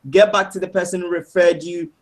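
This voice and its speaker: A man's voice: high voice, fairly even intonation, brisk, noisy background. Upbeat man giving a sales webinar. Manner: upbeat and persuasive, says "right?" and "guys" often. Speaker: webinar presenter.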